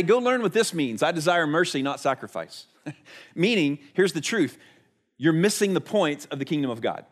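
A male pastor preaching a sermon in a conversational way, asking rhetorical questions and moving between emphatic and hushed delivery. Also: a little high.

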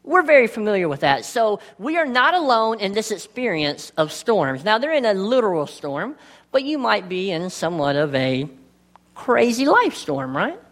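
A woman's voice: medium pitch, very animated, moderate pace. A woman preaching a sermon to a congregation in a church, talking in a conversational way with playful asides. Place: church sanctuary.

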